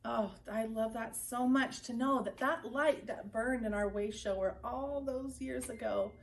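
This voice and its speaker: A woman's voice: a little high, measured pace, creaky. A woman teaching a children's Sunday school class, leading chants and group breathing with upbeat energy.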